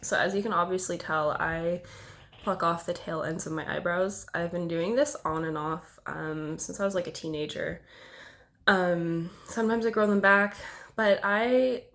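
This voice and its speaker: A woman's voice: on the low side, moderate pace, a bit bright. A young woman vlogger with a cold, sounding nasal and congested, talking casually to camera and rambling self-consciously with lots of filler words. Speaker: beauty vlogger.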